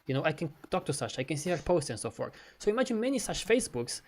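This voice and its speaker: Animated, swearing man demoing software. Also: fairly high pitch, racing. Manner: animated and profane, mimics dialogue, laughs. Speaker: co-host. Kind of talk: casual chat, screen-share demo.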